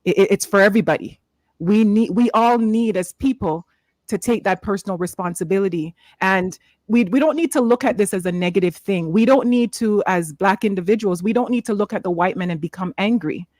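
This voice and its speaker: A woman's voice: mid-range voice, fairly quick, darkish tone, no room sound. A woman with a toned-down Jamaican accent hosting a faith-based panel discussion, earnest and conversational, laughing easily. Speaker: host.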